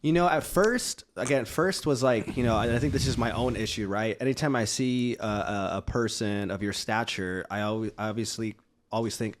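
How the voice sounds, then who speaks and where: A man's voice: fairly low pitch, brisk. A man guest on a podcast, chatting casually in a rambling, filler-heavy, friendly way. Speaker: guest, recovery event organizer. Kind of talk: casual conversation.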